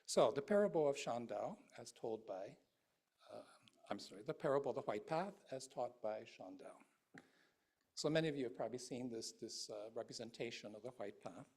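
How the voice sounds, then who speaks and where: A male minister gives a Buddhist dharma talk in an easy, conversational way, peppered with fillers and asides to the congregation. His voice is husky at a medium pitch. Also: expressive, normal speed, darkish tone. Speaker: guest minister.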